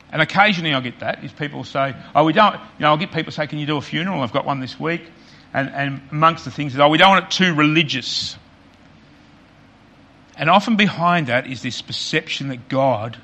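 A man preaching a sermon as pastor, earnest and repetitive for emphasis, often dropping quiet on key points. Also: mid-range voice.

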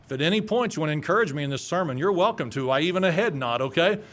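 A man's voice: a little high, lively intonation, racing. A male pastor preaching a sermon in an earnest, conversational way that climbs into emphatic peaks.

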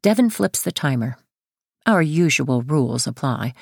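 A woman narrating her own memoir audiobook in a steady first-person storytelling manner. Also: very deep voice, measured pace, vocal fry, no echo, studio quality.

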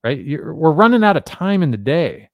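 A man's voice: a little high, big pitch swings, normal speed, dry recording, dull audio. Joking man chatting on a dry mic. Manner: chatty, joking, acts out quotes. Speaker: podcast co-host. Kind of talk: casual chat.

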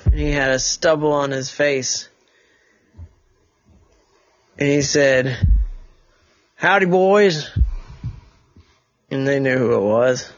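A man's voice: medium pitch, a bit bright. Man, father, improvised bedtime story, rambling, muffled lo-fi recording. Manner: rambling, self-correcting.

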